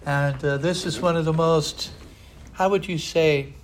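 An older man preaching a sermon in an earnest, rambling way, often pausing on "uh". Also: a little high, steady tone, a little hiss or hum. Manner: earnest, digressive, frequent "uh" fillers.

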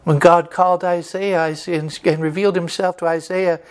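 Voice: medium pitch, flat delivery, brisk. A preacher delivering a sermon earnestly, building repeated emphatic lists and sometimes restarting words mid-sentence. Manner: occasional stumbling restarts.

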